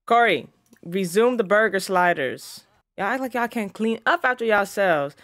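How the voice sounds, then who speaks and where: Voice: medium pitch, animated, measured pace, fairly bright tone, no room sound. A gaming channel host giving casual let's-play commentary, scolding the game characters and reading on-screen text aloud. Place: home recording setup.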